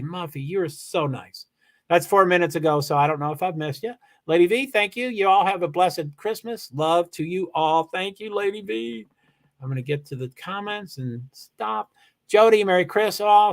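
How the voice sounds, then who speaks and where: High-voiced man rambling through thank-yous. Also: creaky. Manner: rambling, effusive thanks, frequent restarts. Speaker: livestream host. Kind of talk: casual livestream chat, reading viewer comments.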